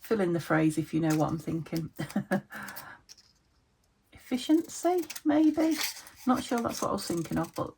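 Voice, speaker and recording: A woman's voice: on the low side, lively intonation, unhurried, creaky, darkish tone, a little hiss or hum. A woman from the UK chatting casually to her viewers while she crafts at her desk at home, talking to herself and hunting for words. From United Kingdom. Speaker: craft vlogger.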